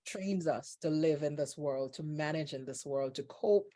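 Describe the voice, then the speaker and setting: A woman's voice: deep voice, a little slow, mellow. Earnest woman interview host. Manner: earnest, admiring, repeats phrases for emphasis.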